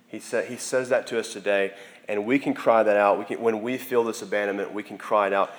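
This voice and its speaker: A man's voice: on the low side, steady tone, fairly quick. A young man preaching earnestly to a campus group on a Sunday evening, then praying, often repeating words as he searches for them. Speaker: campus minister. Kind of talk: sermon and closing prayer.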